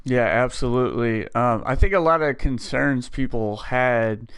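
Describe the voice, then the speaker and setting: Chatty male podcast host, smooth voice. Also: medium pitch, lively intonation, measured pace, fairly bright tone. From Scottish heritage. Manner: upbeat, chatty, many fillers. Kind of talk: casual gaming podcast chat.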